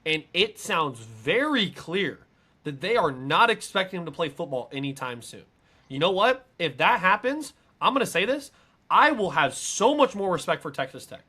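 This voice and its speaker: A man co-hosting a casual sports podcast, talking emphatically and building to excited peaks. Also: high voice, moderate pace, husky. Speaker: podcast co-host.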